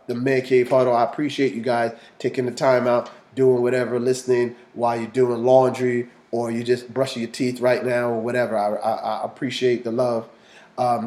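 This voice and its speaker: A man hosting a casual solo podcast, talking to his listeners in a relaxed, conversational way. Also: medium pitch, roomy sound. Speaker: podcast host.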